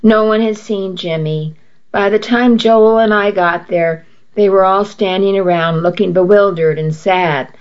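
A woman reading a first-person story aloud in a measured way, with small restarts. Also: medium pitch, clean tone. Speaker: narrator. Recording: dull lo-fi recording.

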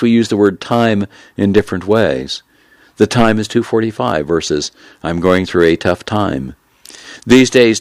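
A man in his thirties reading a memoir aloud in a measured, reflective, unhurried way. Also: lowish voice, darkish tone, dry recording. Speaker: narrator. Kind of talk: audiobook memoir narration.

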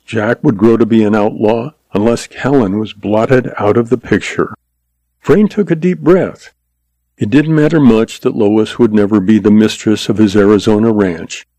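A man narrating a western story in a measured, dramatic reading. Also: fairly low pitch, warm tone, no room sound, rough recording.

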